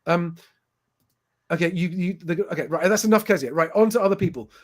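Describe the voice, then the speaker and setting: A man's voice: sits high, brisk. A man hosting a casual live stream, rebutting viewer comments point by point in an emphatic way. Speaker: host.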